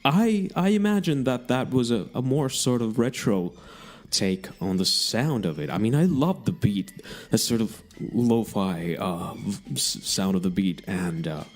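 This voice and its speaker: A man's voice: on the low side, lively intonation, unhurried, few pauses. A man hosting a radio music show, chatting casually and jokily between songs, rambling and cutting himself off. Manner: rambling, self-interrupting, jokey.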